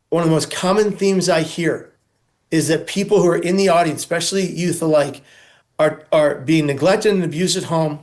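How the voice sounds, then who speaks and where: A man speaking as an interview guest, earnest and emphatic, building his points in repeated lists. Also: on the high side. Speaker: guest, suicide prevention speaker. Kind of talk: earnest advocacy talk.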